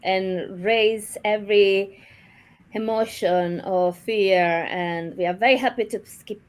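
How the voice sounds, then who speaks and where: A woman nurse from Italy with an Italian accent, for whom English is a second language, co-hosting a podcast in casual, earnest talk and sometimes pausing to find words. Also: medium pitch, fairly even intonation.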